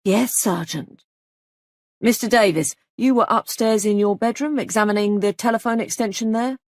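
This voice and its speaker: A woman's voice: mid-range voice, normal speed, a little mellow, no room sound, clean studio sound, voice pushed up, natural voice. A woman voicing a grave male police sergeant who questions people in a clipped, insistent way. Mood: stern.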